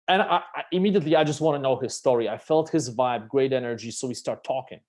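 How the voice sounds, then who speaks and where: A man telling stories as a guest on a live stream, animated and emphatic, swearing freely as he talks. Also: mid-range voice, quick pace. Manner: animated, emphatic storyteller who swears casually. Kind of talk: live-stream conversation, storytelling.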